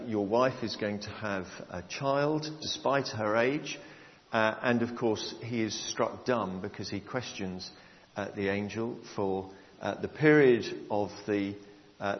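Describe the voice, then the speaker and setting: A man preaching a sermon, explaining a Bible passage to his congregation in a measured way. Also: medium pitch. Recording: long hall reverb, dull lo-fi sound.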